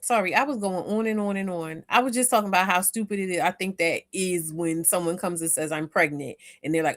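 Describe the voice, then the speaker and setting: A woman hosting a talk podcast, commenting emphatically with loud stresses. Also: lowish voice, fairly quick, few pauses. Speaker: podcast host.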